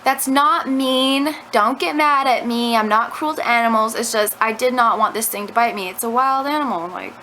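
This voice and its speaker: Young woman rambling to her camera at home, says like a lot, bright voice. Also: on the high side, normal speed, few pauses, slight background noise, poor audio. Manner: chatty, rambling, lots of "like" fillers. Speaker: vlogger. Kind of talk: casual storytelling to camera. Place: at home indoors. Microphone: camera mic.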